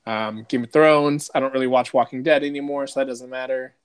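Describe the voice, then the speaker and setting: A man of middle pitch co-hosting a loose podcast conversation. He rambles and swears freely, tossing in "dude" and "like" as he goes. His delivery is relaxed and unpolished. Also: a little fast, clean tone. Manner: rambling, profane, peppered with "dude" and "like". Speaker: podcast co-host. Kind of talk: casual podcast chat.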